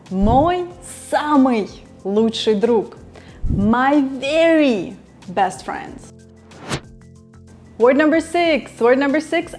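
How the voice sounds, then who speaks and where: A woman runs an online language lesson in a high, bright register, moving between English and Russian. She talks at an unhurried pace and carefully enunciates each example word. A faint bed of music plays behind her. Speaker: language teacher.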